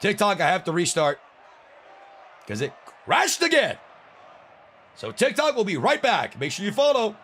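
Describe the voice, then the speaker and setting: A man's voice: sits high, huge pitch swings, normal speed, long pauses, a bit bright, a little hiss or hum. A man livestreaming a game, talking to chat in frustrated rants and swearing freely. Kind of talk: gaming livestream commentary.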